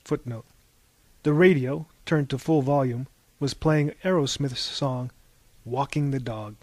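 A man's voice: mid-range voice, a little slow, darkish tone, no echo. Man with a wry mock-epic narration. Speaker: audiobook narrator. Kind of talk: scripted narration.

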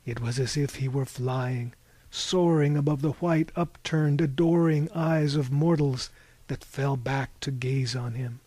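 Slow, measured male storyteller. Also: mid-range voice, warm tone, no room sound. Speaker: narrator. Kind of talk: scripted audiobook narration.

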